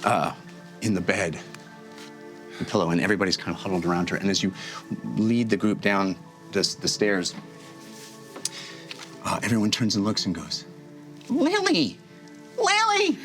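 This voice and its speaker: A man narrating a tabletop game as game master, descriptive and halting. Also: sits low, steady tone, a bit bright, soft background music. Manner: halting, descriptive, many fillers and restarts.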